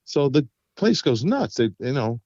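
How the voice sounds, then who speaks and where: Speaking unhurriedly, a guest vocalist on an interview show tells casual stories packed with vividly voiced quotes. He's an animated narrator whose pitch leaps as he acts out what people said. The sound is lo-fi with no echo.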